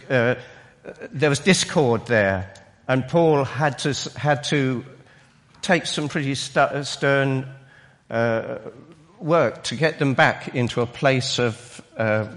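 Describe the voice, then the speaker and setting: A man preaching a sermon in a church, slow and emphatic, with halting restarts. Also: medium pitch, fairly bright tone. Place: church hall. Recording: long reverb in a hall.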